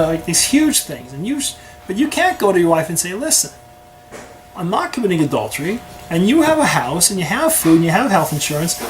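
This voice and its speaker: A man's voice: a little high, poor audio. A man teaching a conversational Torah class who keeps checking in with his listeners by asking "right?". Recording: steady background noise.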